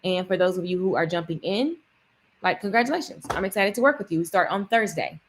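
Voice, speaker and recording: A woman business coach talking to viewers on a live stream, chatty and energetic, addressing them directly. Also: lowish voice, quick pace, slight background noise.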